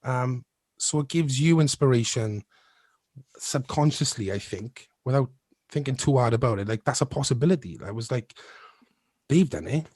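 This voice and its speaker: A man's voice: mid-range voice, moderate pace, darkish tone, no echo. A man in his thirties, a musician guest telling stories in a rambling, casual way. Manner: rambling, restarts often, laughs through stories. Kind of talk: casual storytelling interview.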